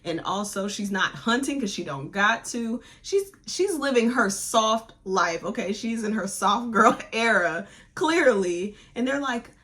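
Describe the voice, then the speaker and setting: A woman's voice: fairly high pitch, a little slow, hardly any pauses. Chatty woman podcast host retelling a book. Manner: animated, digressive retelling that acts out characters' lines; slangy, informal talk. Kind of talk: casual book review chat.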